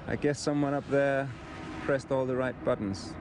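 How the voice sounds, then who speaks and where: A man voicing a modest racing driver, calm and pleased after a win, talking at an easy mid pitch. Engine and street noise run loudly behind him in the game audio. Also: normal speed, natural voice. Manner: calm, easy post-race interview talk.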